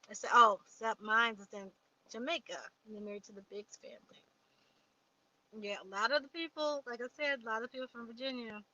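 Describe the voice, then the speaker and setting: Woman livestream host, fairly high and bright, chatty, answers viewer comments; dull lo-fi stream audio. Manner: chatty, reads viewer comments aloud and replies. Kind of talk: casual live chat.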